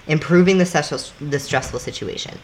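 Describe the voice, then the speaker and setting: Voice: mid-range voice, a little fast, a little hiss or hum. A podcast co-host, explaining things in loose, casual chat that swears freely and acts out little scenes.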